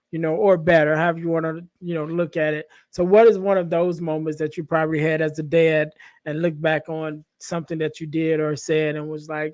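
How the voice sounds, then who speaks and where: A man's voice: a little high, flat delivery, fairly quick, few pauses, darkish tone. A man hosting a podcast, asking long, conversational questions of his guest. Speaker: podcast host. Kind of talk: casual interview.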